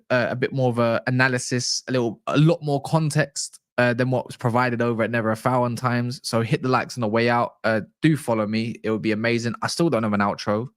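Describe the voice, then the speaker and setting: A man's voice: mid-range voice, no echo. Rambling sweary man, dry sound. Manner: rambling, sweary and teasing, with many fillers. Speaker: football channel host. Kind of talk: casual livestream chat.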